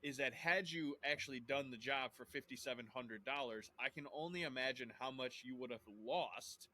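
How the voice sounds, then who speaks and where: A man's voice: medium pitch, moderate pace, sharp tone. A man hosting a podcast, responding enthusiastically and playfully acting out quotes. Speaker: podcast host. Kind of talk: casual interview chat.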